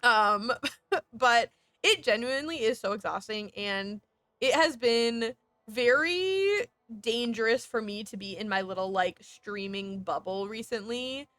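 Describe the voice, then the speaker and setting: Woman streamer: high, sharp voice, animated and sweary rants, dry close sound. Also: measured pace, no echo. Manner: animated, heated and sweary, with laughing asides. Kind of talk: casual ranting chat while gaming.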